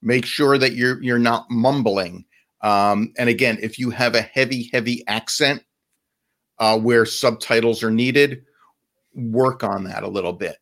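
A man's voice: mid-range voice, steady tone, measured pace, fairly bright tone. A man co-hosting a podcast, explaining advice casually and often restarting his phrases. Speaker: podcast co-host. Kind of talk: podcast chat giving business advice.

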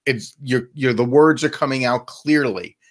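A man's voice: mid-range voice, normal speed. Casual man podcast cohost. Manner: casual, repeats and restarts phrases while explaining. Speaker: podcast co-host. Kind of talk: podcast chat giving business advice.

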